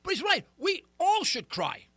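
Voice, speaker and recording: On a studio mic, a middle-aged male radio host launches into an emphatic, ranting monologue with flashes of self-deprecation. His voice is very high, bright and sharp, and his pitch swings are huge, though his pace stays moderate. The recording is close and dry.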